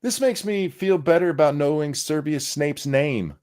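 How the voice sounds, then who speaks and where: A man's voice: on the high side, normal speed, darkish tone. A man co-hosting a podcast in casual chat, sardonic and profane, with frequent sighs. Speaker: podcast co-host.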